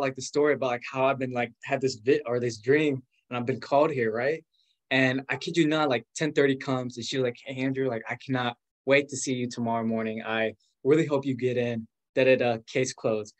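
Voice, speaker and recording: Young man in his twenties, chatty storyteller, fast and animated, filler-heavy, mid-pitched. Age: 20s. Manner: animated, quick, full of "like" fillers, acts out quoted voices. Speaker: guest. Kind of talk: casual storytelling.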